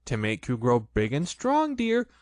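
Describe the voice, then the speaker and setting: A man's voice: medium pitch, wildly swooping pitch, measured pace, dry recording, clean studio sound. Man voicing a motherly kangaroo, soothing, firm, lilting, storybook reading. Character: motherly female kangaroo, brisk and calm.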